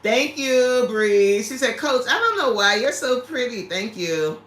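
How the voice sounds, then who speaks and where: A bright, lively woman chatting live with her viewers. Her voice rises and falls a lot, she laughs often, and the sound has a roomy echo around it. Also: a little high, normal speed. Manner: animated, laughs often, talks straight to viewers. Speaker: livestream host reading chat. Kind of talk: casual livestream chat.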